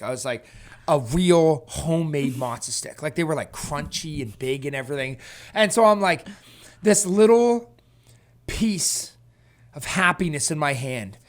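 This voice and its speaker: A man in his thirties co-hosting a podcast, telling a family story in a casual, animated way, often laughing and acting out what people said. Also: on the high side, normal speed. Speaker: podcast co-host.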